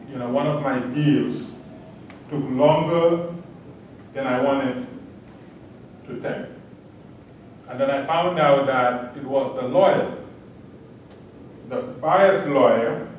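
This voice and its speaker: A man's voice: slow pace, long pauses, lo-fi sound. A man giving a public talk as a panel respondent, telling a personal story in an earnest way and chuckling at his own jokes. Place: large lecture hall. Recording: echoey hall from a distance, faint rumble.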